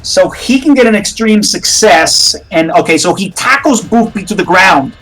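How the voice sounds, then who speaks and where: A man's voice: high-pitched, expressive, moderate pace, fairly bright tone, soft background music, rough recording. A man running a tabletop horror game as game master, narrating in a rambling way with many restarts.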